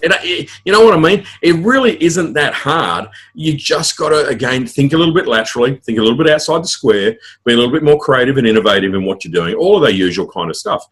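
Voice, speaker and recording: A middle-aged man with an Australian accent, an author chatting as a guest in an interview, rambling quickly through stories with many fillers and restarts. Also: mid-range voice, lively intonation, a bit bright, breathy edge. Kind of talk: casual interview chat.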